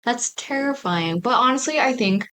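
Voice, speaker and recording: A woman's voice: fairly high pitch, lively intonation, moderate pace, a bit bright, low-quality recording. A woman hosts a podcast in a loose, conversational way. She reads a listener's story aloud without having read it first and reacts to it with plain sympathy. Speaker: podcast host. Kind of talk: casual chat and reading stories aloud.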